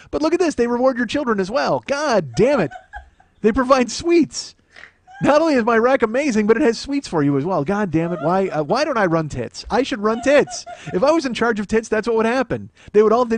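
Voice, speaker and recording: Fast-talking ranting comedian man, high voice. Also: big pitch swings. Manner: ranting, profane, self-mocking, mock-indignant. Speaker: comedy podcast host. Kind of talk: solo comedic monologue.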